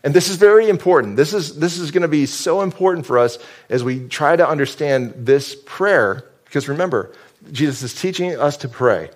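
A man's voice: a little high, lively intonation, normal speed. A man from upstate New York preaching a sermon as pastor, talking in a conversational, joking way and often restarting his sentences.

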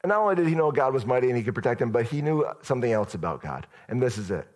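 A man's voice: medium pitch, sing-song, racing, darkish tone. A male pastor giving a sermon in a conversational storytelling manner, addressing the church directly.

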